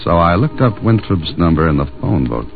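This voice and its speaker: A man's voice: low voice, very animated, a little fast, creaky, faint music behind, heavily acted. An actor playing a dry, wisecracking tough guy in a 1940s radio drama. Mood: wry. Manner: dry, wisecracking, hard-boiled. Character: wisecracking tough male adventurer. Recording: tinny 1940s radio broadcast.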